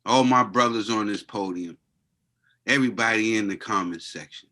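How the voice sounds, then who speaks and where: A man's voice: lowish voice, moderate pace, sharp tone. Playful hype-man podcast co-host. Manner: hype, playful catchphrases and call-outs to viewers. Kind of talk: casual chat reacting to a documentary.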